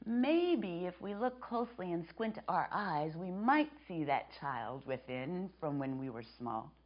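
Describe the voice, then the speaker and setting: A woman in her fifties giving a sermon as a guest preacher in a church, speaking softly and reflectively and dropping to a whisper on key phrases. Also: mid-range voice. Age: 50s. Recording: dull lo-fi sermon recording.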